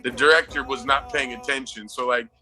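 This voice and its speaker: A man's voice: medium pitch, brisk, faint music behind. A man in casual podcast chat about a movie, swearing a lot and laughing often as he tells scenes. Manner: profane, excitable, laughs often while telling. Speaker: movie review podcast co-host.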